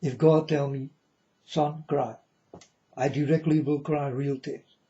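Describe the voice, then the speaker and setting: Slow, mellow man on a lo-fi recording. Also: a little high, steady tone. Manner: slow, repetitive, keeps asking the listener "you understand?". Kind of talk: casual spiritual monologue to viewers. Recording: dull lo-fi recording.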